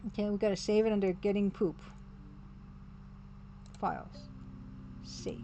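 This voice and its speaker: A woman's voice: mid-range voice, steady tone, a little slow, dark tone, a little hiss or hum. A woman streaming a let's play on a desk microphone, chatty and amused, thinking aloud as she plays.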